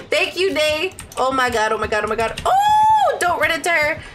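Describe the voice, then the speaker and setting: A young adult woman streaming a game live, chatting excitably with her viewers and squealing as she plays. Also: extremely high pitch, unhurried, very noisy. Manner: excitable, squealing, talks to chat. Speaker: Twitch streamer.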